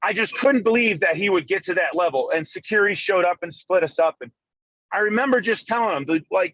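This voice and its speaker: A man telling a story over a phone call while driving, excitable and full of profanity. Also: high voice, a little fast, dry recording. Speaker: podcast co-host. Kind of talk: casual storytelling chat. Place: in a car, driving.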